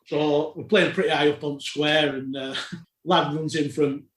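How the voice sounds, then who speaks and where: A man, a podcast guest telling cricket club stories in casual, animated chat. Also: a little high, unhurried. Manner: animated anecdotes, laughs while telling. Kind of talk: casual storytelling. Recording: roomy echo.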